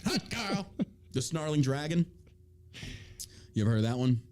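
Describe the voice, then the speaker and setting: A male podcast host with a lively voice that swings up and down in pitch. He reads articles aloud and mocks them with crude, profane jokes in a loose, casual chat. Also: moderate pace.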